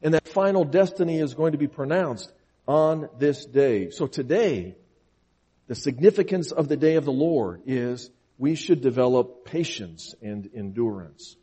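Earnest preacher in a reverberant hall. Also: male voice, medium pitch, expressive, unhurried, warm tone, husky. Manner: earnest, emphatic scripture preaching with repeated phrases. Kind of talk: sermon. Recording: long reverb of a large hall.

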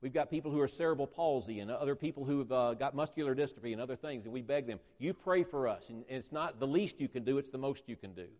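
Male preacher, mid-pitched, emphatic sermon delivery with repeated phrases, reverberant church hall. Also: fast talker, hardly any pauses, a little mellow.

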